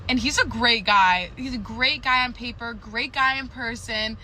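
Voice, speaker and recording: A woman's voice: fairly high pitch, normal speed, sharp tone, slight background noise. A woman vlogging from a car, emotional and rambling about her frustration. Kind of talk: vlog confession. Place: sitting in a car.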